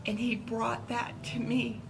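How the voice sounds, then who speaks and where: A woman at a church round table, telling a story in a casual, animated way and acting out the voices in it. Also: on the high side, unhurried, gravelly, music in the background, rough recording. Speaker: church member.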